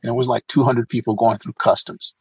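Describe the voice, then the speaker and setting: A man, an actor interviewed as a guest, telling animated anecdotes in casual conversation, with frequent restarts. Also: medium pitch, a little fast, vocal fry, slightly rough, no echo, lo-fi sound. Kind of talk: casual storytelling.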